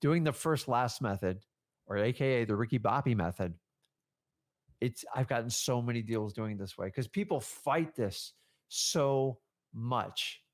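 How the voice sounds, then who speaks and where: A man's voice: mid-range voice, unhurried. A man giving a casual coaching talk as a real estate trainer, acting out conversations with sellers. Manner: animated, acts out seller conversations.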